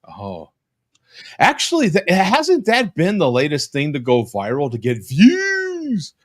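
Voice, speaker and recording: A man hosting a casual live-stream chat over a video call from his home, rambling with lots of halting restarts. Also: fairly high pitch, wildly swooping pitch, dry recording, studio quality. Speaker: podcast host. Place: home room.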